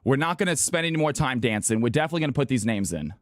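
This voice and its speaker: A Californian man hosts viewer games on a live stream, sounding out of breath as he talks very fast with a medium-pitched, expressive voice. Hyped and chatty, he repeats himself often while sorting players. The recording is dry and studio quality.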